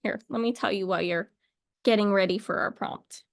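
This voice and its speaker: A woman talking in a playful, rambling way, thinking out loud as she runs a casual mock lesson. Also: mid-range voice, fairly quick, vocal fry, no echo, clean studio sound. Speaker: video creator.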